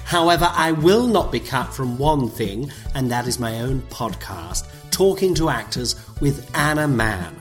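A man's voice: mid-range voice, expressive, unhurried, few pauses, natural voice. A man playing a grand, self-promoting actress, theatrical and gushing in a comedy ad, with music underneath. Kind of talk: comedy podcast ad.

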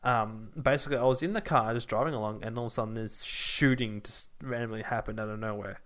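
A man's voice: fairly low pitch, steady tone, quick pace, fairly bright tone. A man co-hosting a podcast in casual chat, rambling through anecdotes and singing snippets of chants. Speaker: podcast co-host.

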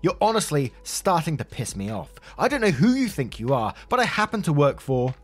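A man's voice: very animated, fairly quick, faint music behind. A man voicing a hostile, entitled middle-aged mother who talks in a harsh, accusatory way. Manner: harsh, accusatory, shrill when angry.

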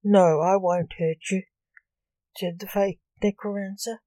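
A woman reading as a slow-spoken masked male necromancer. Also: medium pitch, fairly even intonation, mellow, dry recording, natural voice. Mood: menacing.

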